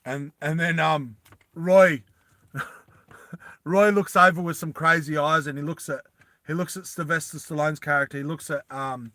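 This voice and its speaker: A man casually retelling an adventure story in a rambling, animated way with many fillers. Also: a little high, moderate pace, no echo.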